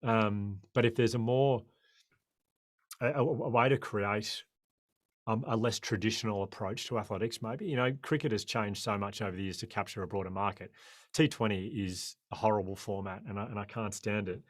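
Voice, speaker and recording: An Australian man in his forties, a guest on a podcast interview, talking in an impassioned, animated way. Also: lowish voice, normal speed, dry recording, clean studio sound. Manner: impassioned, animated storyteller who acts out quoted voices.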